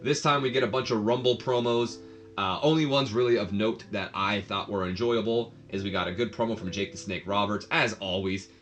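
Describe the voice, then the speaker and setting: A man with a fairly low voice talks through a casual review as the channel host. He rambles and chats freely, full of fillers and occasional laughter. Faint music sits underneath. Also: a bit bright.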